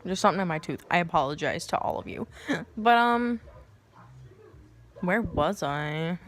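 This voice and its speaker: A woman's voice: on the low side, unhurried. A young woman telling a personal story to camera in a casual vlog, acting out what people said in shifting voices, with crude jokes and laughter. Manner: animated, acts out quotes in shifting voices; crude, joking asides and laughter. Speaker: vlogger.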